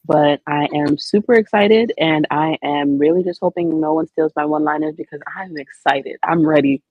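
Casting: low-voiced, upbeat, self-mocking woman panelist. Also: moderate pace, no room sound, phone-quality sound. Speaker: podcast panelist. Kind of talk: casual podcast chat.

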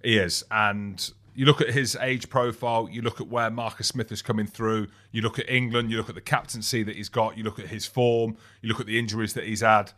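Bright, forceful joking man. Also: fairly low pitch, fairly even intonation, a little fast, hardly any pauses. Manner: joking, storytelling, teasing. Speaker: podcast co-host, former rugby player. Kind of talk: casual sports chat.

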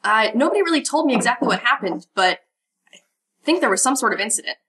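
A bright, eager young park office worker in a tabletop game, put on by a woman game master. The voice sits a little high and sounds crisp and forward. The manner is spunky and keen to please. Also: lively intonation, fast talker.

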